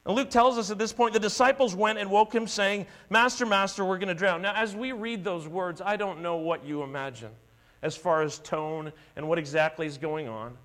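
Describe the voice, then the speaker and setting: High-voiced man preaching in a hall. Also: moderate pace. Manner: dramatic storytelling, acting out voices. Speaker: pastor. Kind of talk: sermon. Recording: echoey hall with mains hum.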